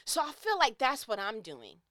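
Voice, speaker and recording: Fired-up high-voiced woman preaching change. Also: huge pitch swings, moderate pace, pushed and bright, no room sound, studio quality. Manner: repeats phrases for emphasis. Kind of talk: impassioned motivational monologue.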